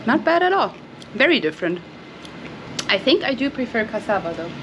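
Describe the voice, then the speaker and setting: A woman's voice: fairly high pitch, big pitch swings, brisk, background noise. A young woman co-hosting a casual vlog, chatty and playful as she tastes snacks and gives them ratings. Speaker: vlog co-host.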